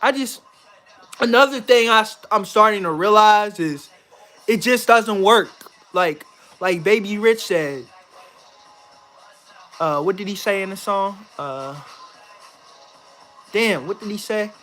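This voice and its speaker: High-voiced young man venting, rambling and cussing. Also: takes it slowly, pauses often, pushed and bright, soft background music. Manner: rambling, repeats himself, swears, mock-confident. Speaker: vlogger. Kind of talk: casual venting monologue to camera.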